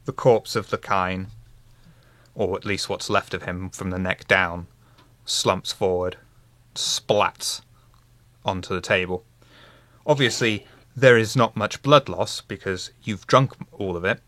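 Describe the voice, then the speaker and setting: A man's voice: low voice, fairly even intonation, takes it slowly, long pauses, fairly bright tone, no room sound. A man running a tabletop role-playing game as game master, narrating scenes with wry asides.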